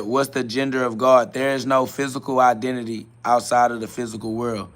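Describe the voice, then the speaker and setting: A man's voice: mid-range voice, fairly bright tone. A man hosting a live stream, answering chat questions in a preachy, blunt way, with casual slang and quoted Bible verses. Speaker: livestream host.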